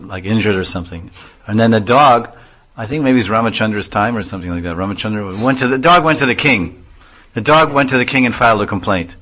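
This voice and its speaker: A man's voice: medium pitch, fairly bright tone. Chatty man giving a storytelling sermon. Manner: chatty, laughing, digressive. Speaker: spiritual teacher.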